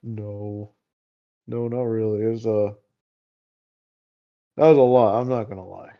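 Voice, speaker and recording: A shaken, stiff young tiefling answers in halting bits, voiced by a man. The mic is dull and lo-fi, from a tabletop game. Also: on the low side, fairly even intonation.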